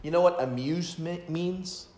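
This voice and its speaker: A man's voice: on the high side, normal speed, darkish tone, roomy sound. A man preaching a sermon on music, stressing his points and singing short hymn lines to show rhythm. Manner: emphatic, sings hymn lines to demonstrate rhythm.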